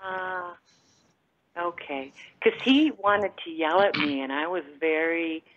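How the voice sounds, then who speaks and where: A woman caller from the Midwest with a low voice, speaking over a muffled phone line. She rambles and pauses often, filling gaps with fillers as she tells her story. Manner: rambling, halting with many fillers. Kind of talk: phone-in chat.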